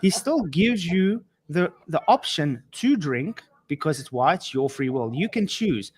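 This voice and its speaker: A man's voice: a little high, animated, measured pace, a little mellow, slightly rough. A man on a live panel, patiently and insistently laying out an argument and repeating himself to hold the floor. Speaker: panel guest.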